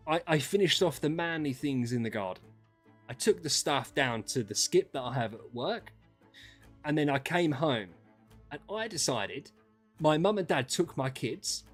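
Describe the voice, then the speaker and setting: A British man in his thirties, a gaming streamer, telling a story in an animated, exasperated way and swearing often. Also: medium pitch, husky. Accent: British English. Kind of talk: casual storytelling rant.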